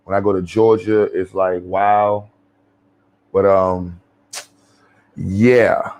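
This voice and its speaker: A man's voice: deep voice, little pitch movement, takes it slowly, pauses often, a little mellow. A man with a New York accent giving blunt, profane, slangy commentary as a vlogger.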